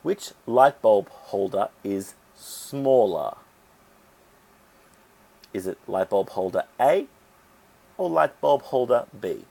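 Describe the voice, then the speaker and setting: A man teaching an English grammar lesson, explaining rules step by step and sounding out syllables deliberately. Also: lowish voice, lively intonation, gravelly, mellow.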